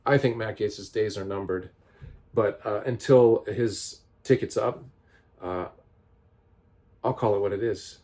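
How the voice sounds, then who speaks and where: A man reading scripture aloud and explaining it in an earnest, critical commentary, pausing often and restarting his sentences. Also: lowish voice, darkish tone. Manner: reads scripture aloud, then explains it with many restarts and fillers. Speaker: vlogger giving political commentary.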